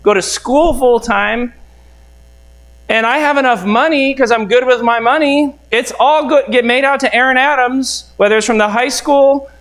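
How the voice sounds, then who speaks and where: A man's voice: extremely high pitch, moderate pace, a bit bright, rough recording. A middle-aged man from the United States, a real estate mentor, telling a seminar story and acting out both sides of the conversations.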